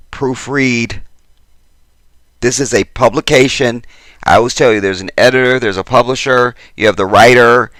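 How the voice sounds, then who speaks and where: A man giving a casual commentary to his viewers, exasperated and chatty, jumping between loud emphasis and muttered asides. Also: mid-range voice, no room sound. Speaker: YouTube commentator.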